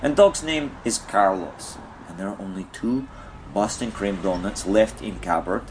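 A man's voice: measured pace, a little hiss or hum, natural voice. A man voicing a distraught Russian man with a put-on Russian accent, ranting in broken English with a whiny, swooping voice. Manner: whiny, wildly swinging pitch, broken English. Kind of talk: comedic character monologue.

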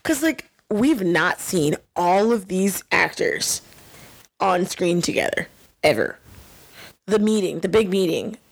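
Excitable young woman chatting about TV. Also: fairly low pitch, slow pace, creaky, husky. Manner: excitable and emotional, with many "like" fillers. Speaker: podcast co-host. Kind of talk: casual chat about a TV episode.

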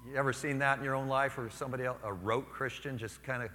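A man in his forties, a priest giving a sermon in a storytelling way, and he gets animated when he quotes other people. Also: mid-range voice, fast talker. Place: church. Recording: long church reverb.

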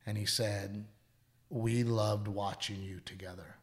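A man, co-hosting a podcast in casual chat, telling earnest stories and going hushed at heartfelt moments. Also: on the low side, fairly even intonation, slow pace. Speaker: podcast co-host.

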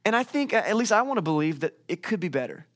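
A male pastor preaching a sermon from a church stage, telling stories in a lively way with frequent restarts. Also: high voice, quick pace. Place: church stage with a screen behind him.

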